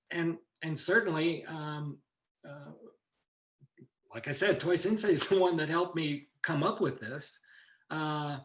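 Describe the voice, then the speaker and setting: A male teacher with a fairly high voice gives an informal lecture, wandering between points and restarting his sentences. His voice rings in an echoey room. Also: fairly bright tone. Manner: loose, digressive, with many restarts. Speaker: ki and meditation teacher.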